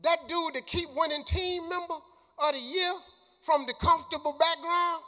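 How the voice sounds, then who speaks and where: An older man giving a motivational speech and telling stories, colloquial and emphatic, sometimes shouting. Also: very high-pitched, steady tone, normal speed. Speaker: motivational speaker. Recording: long hall reverb.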